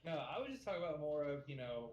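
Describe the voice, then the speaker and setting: A man's voice: on the high side, big pitch swings, quick pace, a little mellow, dull audio. A man chatting casually on a live stream, hesitant and hedging as he makes his point. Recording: echoey room.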